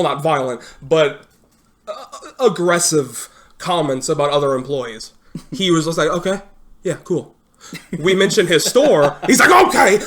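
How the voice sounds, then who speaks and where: A man co-hosting a podcast, joking, swearing and chiming in with laughs. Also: a little high. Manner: joking, profane, chimes in and laughs. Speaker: podcast co-host. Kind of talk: casual chat.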